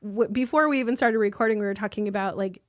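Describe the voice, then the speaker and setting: A woman in her thirties speaking as a guest on a podcast. She talks openly and with feeling, padding her thoughts with "like" and quick restarts. Her voice sits in a middle register. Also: medium pitch. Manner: emotional, effusive, lots of "like" fillers. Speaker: podcast guest, business owner. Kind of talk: candid podcast conversation.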